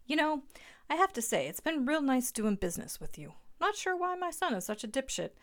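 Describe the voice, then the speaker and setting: A man's voice: extremely high pitch, big pitch swings, a little fast, a bit bright, voice pushed up, heavily acted. A woman reading a story, voicing a blunt, crude older father who schemes with ease. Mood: scheming.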